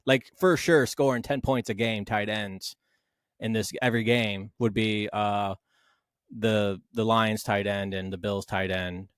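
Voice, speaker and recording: A man co-hosting a casual sports podcast, arguing his side with animated, swearing talk. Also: on the low side, unhurried, clear, resonant tone, no echo, studio quality. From Philadelphia Eagles fan. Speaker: podcast co-host.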